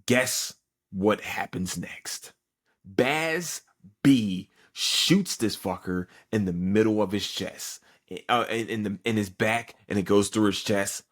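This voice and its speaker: A man's voice: lowish voice, takes it slowly, fairly bright tone. A man hosting a podcast, giving a casual, profane, rambling recap of an anime episode with frequent restarts. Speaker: podcast host.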